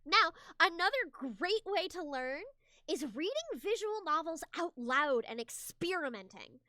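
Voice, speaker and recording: A woman streamer giving casual advice on voice acting, chatty and animated with many restarts and repeated words. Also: extremely high pitch, a little slow, no room sound, clean studio sound. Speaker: streamer and hobbyist voice actor.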